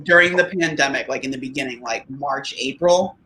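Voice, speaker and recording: A woman co-hosting a podcast in casual chat, joking and animated. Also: a bass voice, a little hiss or hum. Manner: animated, joking, quick laughs. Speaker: podcast co-host.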